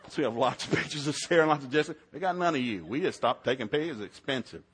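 A man's voice: mid-range voice, lively intonation, racing. A middle-aged man, preaching a sermon in a folksy storytelling way. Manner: folksy storytelling, swings to loud shouted preaching. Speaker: pastor.

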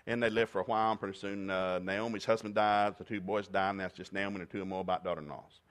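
A man's voice: low-pitched, steady tone, quick pace, a bit bright. A man from East Tennessee, preaching a humorous sermon in a folksy, joking, plainspoken way. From East Tennessee, USA.

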